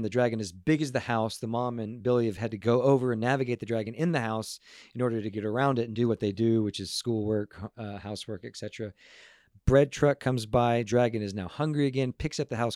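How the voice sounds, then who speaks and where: A man speaking as a guest to a group, telling stories in an earnest, animated way and often restarting his words. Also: mid-range voice, no room sound, clean studio sound. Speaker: guest speaker on parenting and emotions. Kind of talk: casual storytelling talk to a group.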